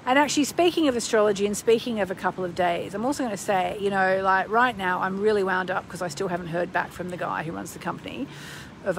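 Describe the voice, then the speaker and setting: A woman's voice: on the low side, vocal fry, slight background noise, low-quality recording. A woman astrologer chatting on a live stream, rambling with many ums and breaking into bursts of gushing enthusiasm, recorded on a phone. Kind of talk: casual live-stream chat.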